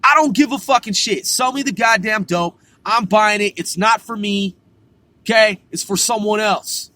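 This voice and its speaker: A man's voice: high voice, a little fast, sharp tone, no room sound. A man voicing a pushy, foul-mouthed middle-aged woman who demands what she wants. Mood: demanding. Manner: brash, cursing, insistent.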